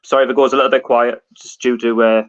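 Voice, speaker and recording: A man's voice: mid-range voice, flat delivery, quick pace. A man hosting a casual live stream, chatting with guests and reading out viewer comments. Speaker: livestream host. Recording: dull lo-fi stream audio.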